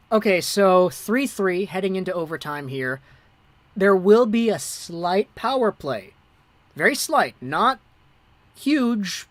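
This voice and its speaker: An excitable amateur streamer calls a hockey game play by play in a breathless rush. The voice sits at an ordinary middle pitch. It is recorded close and dry, with no room sound. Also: no room sound. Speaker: hockey livestream host.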